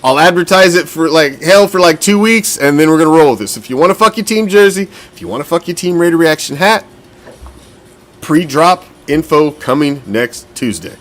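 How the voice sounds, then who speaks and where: Man, fan show host, profane and blunt, rambling casual talk, slightly winded, somewhat high voice. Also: animated, moderate pace. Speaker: podcast host.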